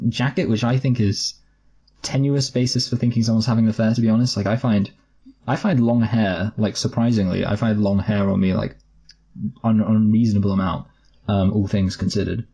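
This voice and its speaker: A man's voice: fairly low pitch, fairly even intonation, moderate pace, dark tone, slightly rough. A man co-hosting a podcast, chatting casually about a film in a rambling, wry way with many restarts. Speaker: podcast co-host. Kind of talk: casual film review chat.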